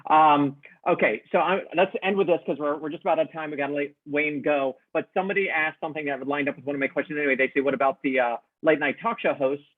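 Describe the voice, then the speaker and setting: A man moderating a Q&A, reading out audience questions haltingly. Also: a little high, fairly even intonation. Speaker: interview moderator. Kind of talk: moderating an online Q&A. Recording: tinny phone-like line.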